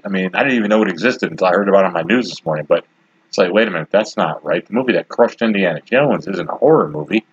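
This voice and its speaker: A man's voice: low-pitched, animated, fast talker, breathy edge, dry recording, lo-fi sound. A man in his forties from Detroit, hosting his own podcast and rambling bluntly through his opinions with lots of asides, a bit hiccupy. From Detroit, USA. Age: 40s. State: has the hiccups. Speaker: podcast host. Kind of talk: casual solo commentary.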